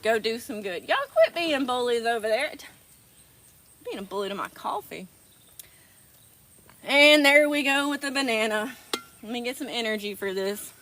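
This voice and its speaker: A woman's voice: on the high side, lively intonation, normal speed, pauses often, pushed and bright, slight background noise. A woman hosting a casual livestream, affectionately greeting viewers as darling. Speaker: livestream host.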